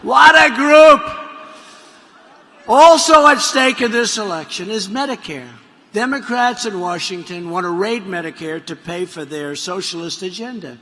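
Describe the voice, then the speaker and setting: A man's voice: sits high, a little slow, sharp tone, slight background noise. A man speaking at a political rally, rambling and mocking, repeating his lines and drifting into asides. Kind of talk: rally speech. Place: large rally venue. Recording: reverberant hall audio.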